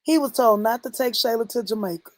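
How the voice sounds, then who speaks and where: A woman hosting a casual livestream, reacting to a skit and quizzing her viewers with lively exclamations. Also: fairly high pitch, brisk, no room sound. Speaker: livestream host reacting to skits. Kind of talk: casual reaction stream chat.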